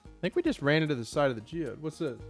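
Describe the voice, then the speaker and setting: A man's voice: a little high, expressive, fast, soft background music. Jokey young man narrating his gameplay. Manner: chatty, jokey, easily startled, repeats phrases. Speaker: let's play gamer. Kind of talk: casual gameplay commentary.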